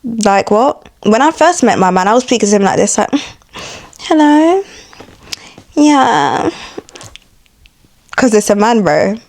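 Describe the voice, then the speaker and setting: A young woman with an East London accent rants to her followers in a casual vlog. She sounds tired and unbothered, yet she is blunt and confrontational and swears freely. Her voice sits at a middle pitch and jumps up into high, mocking impressions of other people. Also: expressive, brisk, a little mellow. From East London, England. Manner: blunt, sweary and confrontational, addressing viewers directly. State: tired and laid-back. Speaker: content creator.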